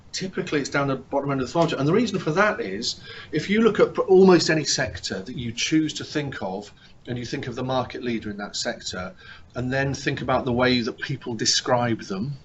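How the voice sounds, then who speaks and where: A man's voice: mid-range voice, a bit bright, muffled recording, slight background noise. A man giving a live talk on negotiation to a small audience, conversational and fond of rhetorical tag questions. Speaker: negotiation speaker. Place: meeting room with an audience.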